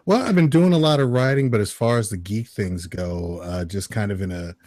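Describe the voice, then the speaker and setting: A man in his thirties co-hosting a casual podcast, relaxed and rambling with enthusiasm. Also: on the low side, fairly quick, dry recording, studio quality. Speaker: podcast co-host.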